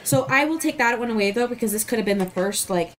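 A woman co-hosting a podcast, chatting casually about a film in a blunt, animated way and swearing freely. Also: on the high side, fast talker, a little hiss or hum. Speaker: podcast co-host. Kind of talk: casual movie review chat.

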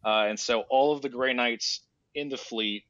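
A man's voice: medium pitch, moderate pace, a bit bright, no room sound, muffled recording. A man hosting a casual podcast who rambles through a story recap in a sarcastic, mock-casual way. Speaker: podcast host.

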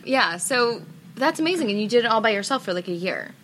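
Playful bright-voiced woman host. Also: on the high side, expressive, fast, slight background noise. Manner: playful, acts out quotes, laughs often. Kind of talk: casual interview chat.

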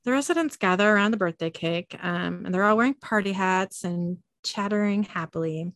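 A woman reads out a television episode's scenes one after another and drops in filler ums and uhs as she goes. Her voice sits at a middle pitch. The sound is dry and close. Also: a little fast, a bit bright, no room sound. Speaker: podcast host narrating a TV episode. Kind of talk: reading a scene-by-scene recap with chat.

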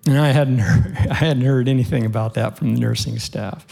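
This preacher has a mid-range, creaky voice with a breathy edge and talks at a normal speed. Earnest and heartfelt, he shares a story with his congregation during the sermon, now and then laughing softly.

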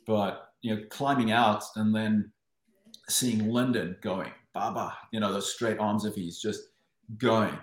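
A man from South Africa, a former Olympic swimmer, telling a story as an interview guest in an animated way, often restarting his sentences. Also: lowish voice, echoey room. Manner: animated, with frequent restarts and acted-out inner voices.

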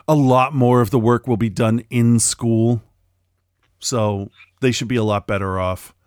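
A middle-aged man chatting casually on a podcast, ranting and cursing about everyday annoyances. He slips into quoted voices to mock people. His voice sits at an ordinary pitch and sounds close and dry. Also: measured pace, clear, resonant tone, no echo. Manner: animated ranting, profane, mimics people in quotes. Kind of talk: casual chat.

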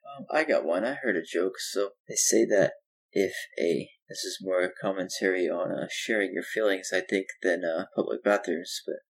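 A man's voice: low voice, normal speed, breathy edge, low-quality recording. A young man co-hosting a casual podcast, laid-back with dry jokes. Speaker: podcast co-host.

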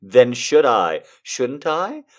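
Animated man doing a mock-dramatic reading. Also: mid-range voice, slow pace. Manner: mock-dramatic, swinging from whispers to shrieking, frequent laughter and swearing. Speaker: comedian reading an erotic story aloud. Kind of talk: comedic dramatic reading with asides.

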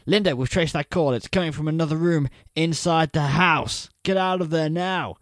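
Guy doing a matter-of-fact police dispatcher, lowish voice, dry sound. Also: fast, dry recording, lightly acted. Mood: urgent. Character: calm male police dispatcher. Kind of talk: reading a story aloud.

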